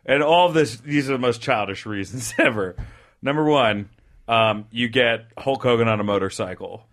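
A man's voice: mid-range voice, moderate pace, a bit bright. A man co-hosting a podcast, chatting casually and laughing often as he defends his opinions. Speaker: podcast host. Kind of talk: casual chat.

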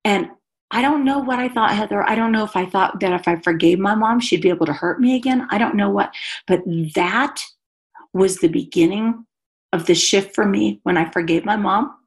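A woman's voice: medium pitch, normal speed. A woman guest giving an earnest, emotional personal testimony in conversation, a mother speaking about her life. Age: adult mother.

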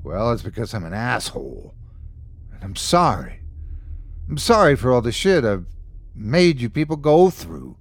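A man's voice: medium pitch, very animated, unhurried, long pauses, dry recording. A man voicing a remorseful, frightened man who claims to be God, confessing and pleading in a horror story.

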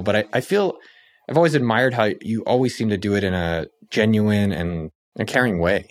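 Male interviewer, lowish voice, brisk and friendly. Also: lively intonation, no echo, clean studio sound. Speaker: host. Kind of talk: casual interview chat.

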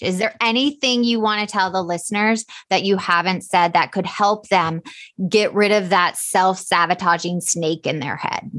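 Podcast host, woman, gushing and supportive, mid-pitched voice. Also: fairly bright tone, no room sound, studio quality. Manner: effusive, affirming. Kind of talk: interview podcast.

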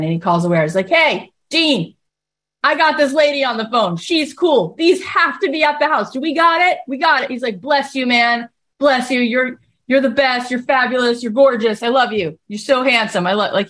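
Chatty woman telling a casual story. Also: medium pitch. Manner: chatty, animated, acts out quoted voices. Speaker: podcast host.

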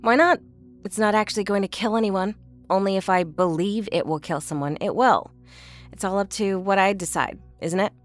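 A woman's voice: mid-range voice, normal speed, soft background music, close to an everyday voice. An actress playing a skeptical, blunt young woman in an audio drama, impatient and mocking. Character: skeptical, brash young woman, older sister.

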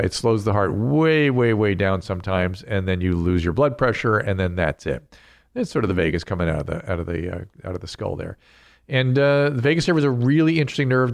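A man's voice: fairly low pitch, no room sound. A man hosting a casual podcast chat as a physician, explaining things in a lecturing way. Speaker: host and physician.

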